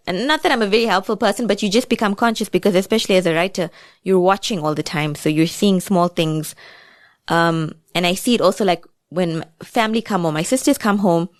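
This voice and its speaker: A woman's voice: lowish voice, dry recording, studio quality. Reflective South African woman author. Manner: reflective, chatty, many asides. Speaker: author guest. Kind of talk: casual podcast interview.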